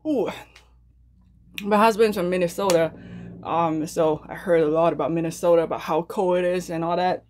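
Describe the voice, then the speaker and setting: A woman's voice: lowish voice, fairly even intonation, normal speed, darkish tone, slight background noise. A young woman chatting casually to her viewers between mouthfuls as she hosts an eating video. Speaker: mukbang eating channel host.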